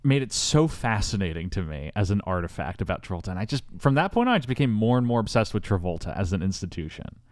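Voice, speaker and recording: Animated man spinning a mock-epic podcast story. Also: fairly low pitch, fast, few pauses, no room sound, clean studio sound. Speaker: podcast host. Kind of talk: casual podcast chat.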